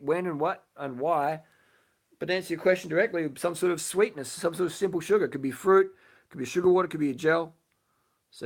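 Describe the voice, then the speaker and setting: A man with a slightly raised pitch answers questions on a live stream from his bed. He talks bluntly and casually, swears without a second thought and says his points twice. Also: gravelly, a bit bright. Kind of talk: casual late-night live stream chat. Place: lying in bed at home.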